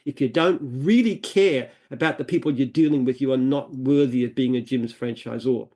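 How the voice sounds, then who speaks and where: An Australian man speaks as an interview guest, earnest and emphatic. He often repeats himself as he builds a point. His voice sits at a middle pitch. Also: normal speed, warm tone. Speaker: franchise founder, guest. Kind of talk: interview answers.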